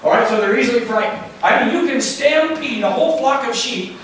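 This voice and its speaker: A man's voice: very high voice, fairly quick, a bit bright, a little hiss or hum. A male pastor preaching a folksy, joking sermon and now and then imitating bleating sheep. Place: church sanctuary. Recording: very echoey hall, distant mic.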